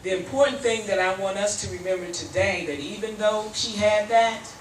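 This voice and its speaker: A woman's voice: mid-range voice, normal speed. A woman who leads a foundation, giving informal and heartfelt welcoming remarks at a town hall. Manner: heartfelt, informal, a little breathless. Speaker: foundation president welcoming the audience. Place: community meeting hall. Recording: roomy hall, far from mic, faint noise.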